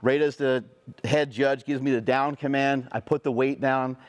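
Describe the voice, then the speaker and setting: A middle-aged man giving a motivational speech, telling a personal story in a profane, animated way. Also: mid-range voice, normal speed. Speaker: motivational speaker.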